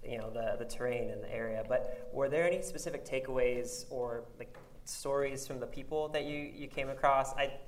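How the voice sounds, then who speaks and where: A fast-talking man interviewing a guest in a casual chat, with an ordinary mid-range pitch. He sounds eager and a little apologetic, tripping over his own restarts. A faint noise sits behind his voice.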